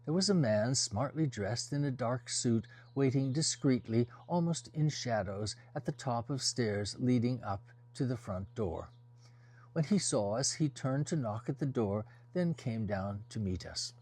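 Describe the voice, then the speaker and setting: A man narrates a first-person novel as an audiobook, steady and descriptive. His voice sits at an ordinary middle pitch, and he lets each scene unfold at a measured pace. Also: slightly rough. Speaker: audiobook reader.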